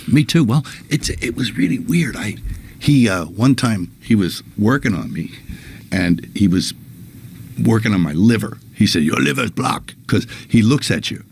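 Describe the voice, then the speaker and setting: Gravelly, low-voiced man. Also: normal speed, slight background noise. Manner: animated anecdote-telling, acting out quotes. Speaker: guest. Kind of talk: casual conversation.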